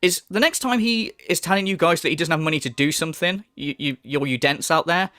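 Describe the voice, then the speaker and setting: A man's voice: on the high side, fast talker, sharp tone, dry recording, clean studio sound. A man giving sweary, sarcastic commentary as a YouTuber and often laughing at the person he is discussing. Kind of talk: ranting commentary.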